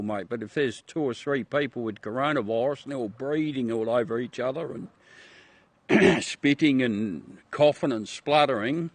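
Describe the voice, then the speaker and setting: An Australian man who hosts a livestream and chats casually with his viewers. He talks bluntly, swears freely and calls everyone mate, at an ordinary middle pitch. The recording is close and dry, with no room sound. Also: moderate pace, dry recording. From South Australia. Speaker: livestream host.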